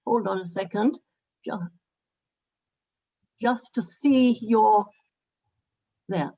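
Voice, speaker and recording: A woman hosting an online meeting, talking haltingly with many fillers while she sorts out settings on a video call. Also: mid-range voice, warm tone, highs cut off. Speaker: event host.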